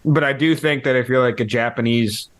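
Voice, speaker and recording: Laid-back podcast co-host, mid voice. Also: male voice, medium pitch, brisk, a bit bright. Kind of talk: casual chat.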